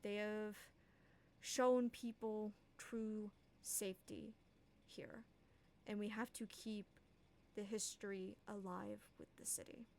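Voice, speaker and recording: Woman doing a hushed, nervous drow man. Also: medium pitch, little pitch movement, slow, creaky. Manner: hushed, barely audible. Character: nervous male drow envoy speaking in hush.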